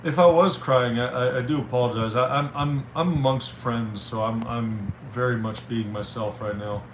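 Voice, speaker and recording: A man streaming live, chatting casually and reading viewer messages aloud with halting restarts. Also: mid-range voice. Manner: rambling, reads chat aloud, halting restarts. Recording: roomy with faint noise.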